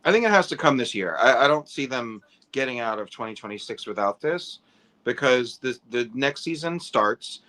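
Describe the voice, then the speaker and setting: A man's voice: mid-range voice, animated, moderate pace, pushed and bright. A man co-hosting a toy collecting livestream, giving detailed, opinionated breakdowns in casual chat.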